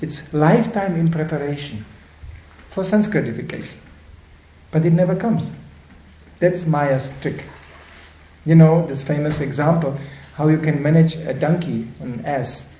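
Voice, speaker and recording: Animated older man lecturing in an echoey room. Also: fairly high pitch, measured pace. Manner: animated storytelling, acting out voices in quotes. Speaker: spiritual teacher.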